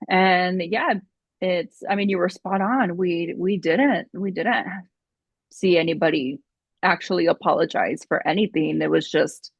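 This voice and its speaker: A woman's voice: fairly low pitch, measured pace, husky, no room sound, lo-fi sound. A woman co-hosting a podcast, backing her partner up with supportive replies. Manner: supportive listener, affirming with short replies. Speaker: podcast co-host. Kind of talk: casual podcast chat.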